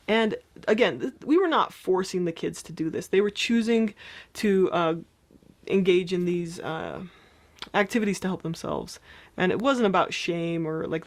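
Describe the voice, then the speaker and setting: A woman therapist talking casually as she explains thought exercises, often checking in with "right?" along the way. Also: on the low side.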